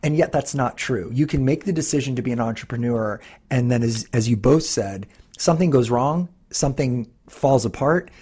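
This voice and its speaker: A man in his fifties co-hosting a podcast, telling stories in a casual, animated way with lots of fillers. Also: mid-range voice, normal speed, husky. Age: 50s. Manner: animated storyteller, many fillers. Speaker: podcast co-host.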